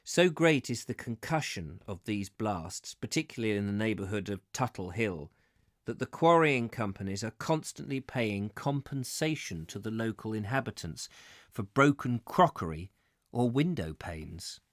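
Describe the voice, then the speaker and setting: A man's voice: on the low side, expressive, normal speed, dry recording, clean studio sound. A man hosting a live book reading, reading steadily and breaking off for chatty, amused asides and self-corrections. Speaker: host reading a book aloud.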